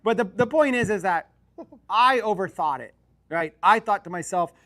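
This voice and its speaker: A man coaching viewers on sales scripts in an office, in an energetic, chatty, salesy way. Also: high voice, normal speed.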